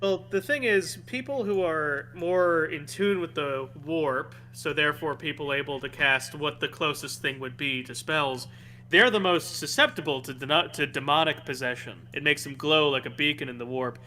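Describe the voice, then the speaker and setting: A man's voice: on the high side, moderate pace, bright, forceful tone. A young man chatting over a card game, explaining game lore at length with many fillers and restarts. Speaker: show regular.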